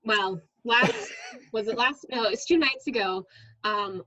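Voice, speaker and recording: A woman, a middle school science teacher, chatting as a guest in an interview and telling lively stories with frequent "um"s. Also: fairly high pitch, a little slow, dry recording, poor audio. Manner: lively storyteller, many "um"s. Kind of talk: casual interview storytelling.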